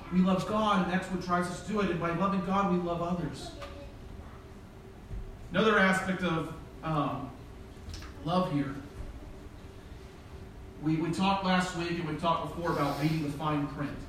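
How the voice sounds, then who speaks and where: A man's voice: on the high side, steady tone, normal speed, pauses often, a bit bright, a little hiss or hum. A middle-aged man preaching a sermon as pastor, telling a humorous story and acting out the dialogue. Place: church sanctuary. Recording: very echoey church hall from far off.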